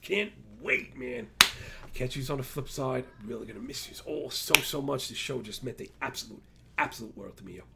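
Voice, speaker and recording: Gravelly rambling New man. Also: medium pitch, fast talker, very noisy. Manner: rambling, excitable, self-described motor mouth. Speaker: podcast host. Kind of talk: casual talk to listeners.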